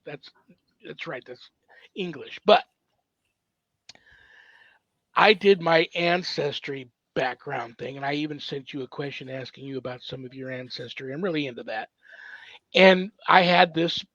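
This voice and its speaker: A man hosts a casual podcast interview, rambling chattily with plenty of fillers. His voice is a little high and a bit bright, and the podcast recording is dull and dry with no echo.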